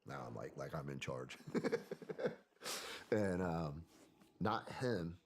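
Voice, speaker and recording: A man, a podcast guest, telling a personal story in a soft-spoken, hesitant way that often trails off. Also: very deep voice, animated, takes it slowly, pauses often, slight background noise.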